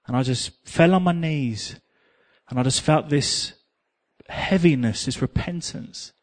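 A man's voice: a little high, measured pace. A man with an English accent preaching a sermon, telling a personal story with self-mocking humor and snatches of song. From England. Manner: lively storyteller, sings snippets, self-mocking.

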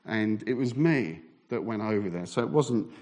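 A middle-aged man, a Baptist minister, telling a self-mocking story in a sermon. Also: normal speed. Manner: animated, self-mocking anecdote with lively pitch swings.

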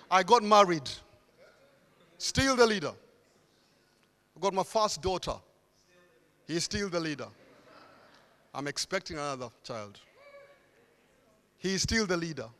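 A man's voice: fairly high pitch, a bit bright. A man preaching a sermon in earnest tones, building emphasis through repeated phrases. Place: church hall. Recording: long hall reverb.

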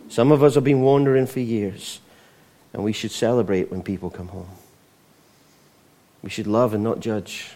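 A man's voice: fairly low pitch, dark tone. A Scottish man preaching a conversational sermon, with frequent asides to the congregation. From Scotland.

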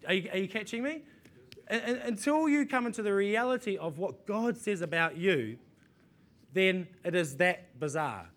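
A man's voice: sits high, expressive, normal speed, a bit bright. A man preaching a sermon in a conversational way, often repeating words as he restarts and asking the congregation rhetorical questions.

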